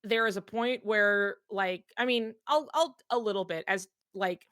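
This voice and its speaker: A woman co-hosting a casual fan discussion podcast, talking in a rambling, animated way with lots of filler words. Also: mid-range voice, measured pace, clear, resonant tone, no echo, clean studio sound.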